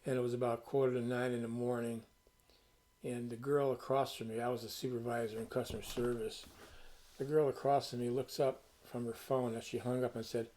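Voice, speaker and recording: Brisk and flat in delivery, this Connecticut man has a medium-pitched, darkish voice. As host of his own channel, he spins stories for the camera in a loose, rambling, conversational style full of restarts.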